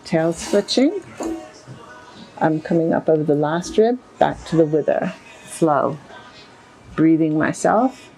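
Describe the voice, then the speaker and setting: A woman talks through her horse bodywork live, calling out each hand position and stroke as she makes it in a chatty, easygoing way. Her voice sits low and has a gravelly edge. Soft music plays faintly in the background. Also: poor audio. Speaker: equine bodywork practitioner. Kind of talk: live narration of a hands-on technique. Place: with a horse, in a stable or yard.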